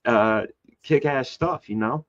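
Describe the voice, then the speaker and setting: A man, a comic book artist, telling a rambling story in casual conversation, jumping into high voices to act out quotes. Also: slow, noisy background. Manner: animated, acts out quoted voices with big pitch jumps; loose and rambling with many fillers and restarts. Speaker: guest. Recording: slightly dull lo-fi sound.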